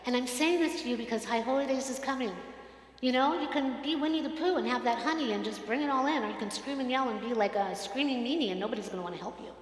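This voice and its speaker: A woman's voice: high-pitched, fast talker. A woman clergy member telling a personal story during a sermon, acting out the people and phone calls in it. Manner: animated storytelling, acting out quoted exchanges. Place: synagogue sanctuary. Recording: echoey hall reverb.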